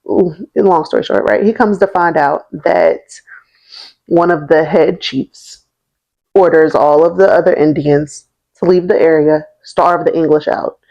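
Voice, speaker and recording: Young woman with a lowish voice, casual history vlogger, slangy and chatty, keeps asking "right?". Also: mellow, lo-fi sound. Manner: chatty and slangy, often checking in with "right?" and "okay?"; laughs through the telling. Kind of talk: casual storytelling.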